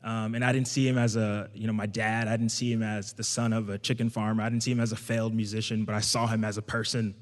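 A young man telling a personal story to an audience in a casual, conversational way, getting animated when he quotes himself. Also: fairly low pitch, fast talker, few pauses. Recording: long hall reverb.

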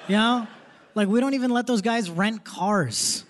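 A man's voice: high-pitched, a little slow, slight background noise. A young man doing live stand-up comedy on a theater stage, casual and punchy, laughing as he goes. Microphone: stage microphone. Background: audience laughter.

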